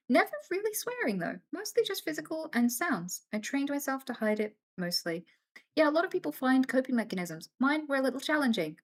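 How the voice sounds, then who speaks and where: A woman live streamer in casual chat, answering viewer questions candidly and acting out other people's voices as she tells stories. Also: a little high. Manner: animated storyteller who acts out other voices; candid, swears freely.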